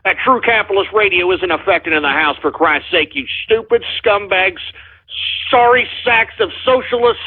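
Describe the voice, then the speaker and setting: Angry high-voiced ranting radio host. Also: male voice, breathy edge. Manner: angry, profane, shouting insults at trolls. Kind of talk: ranting call-in radio talk. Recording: tinny phone-like sound.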